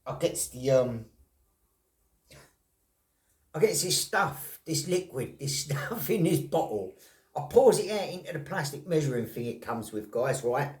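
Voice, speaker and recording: Man vlogger, rambling, blunt, sweary, higher pitch, off-mic. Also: expressive, normal speed. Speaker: vlogger on snaring and trapping. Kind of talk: casual chat to camera. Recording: roomy, from a distance.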